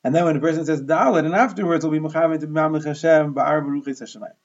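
A man with a slightly high, gravelly voice walks through a Talmud lesson step by step, steady and methodical. The recording is dull and lo-fi. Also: racing. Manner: steady, methodical explaining, Hebrew and Aramaic terms mixed into English. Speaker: Talmud teacher. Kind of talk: explanatory lesson.

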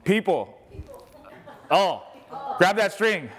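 A man's voice: high voice, drawn-out words. A man leading an interactive sermon activity, joking and calling out to the crowd. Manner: lively, joking, calls out to the crowd. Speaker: church speaker leading a group activity.

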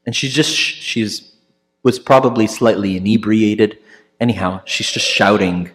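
Speaking at a moderate pace, a man who is a priest narrates a story within his sermon. He talks casually, stumbling through fillers and restarts, and plays the people he quotes in louder, higher tones.

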